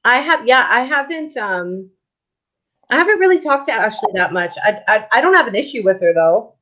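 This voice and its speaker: A woman's voice: a little high, sing-song, normal speed, fairly bright tone. A woman hosting a livestream, chatting easily and laughing along with her guest. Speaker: channel host. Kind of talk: casual livestream chat. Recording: muffled lo-fi stream audio.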